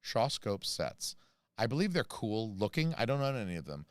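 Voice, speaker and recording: An American man chatting on a casual livestream, his voice a little low and smooth. He rambles and jokes with plenty of fillers, and the sound is dry and close. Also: big pitch swings, fast talker, no room sound. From United States. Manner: rambling, jokey, many fillers and asides. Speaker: channel host reading live chat.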